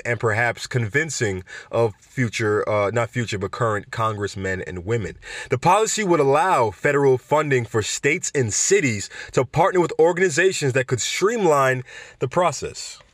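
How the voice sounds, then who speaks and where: A man's voice: mid-range voice, a bit bright, no room sound, clean studio sound. A man hosting a podcast, chatting casually and rambling while reading news aloud, often correcting himself mid-sentence. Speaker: podcast host.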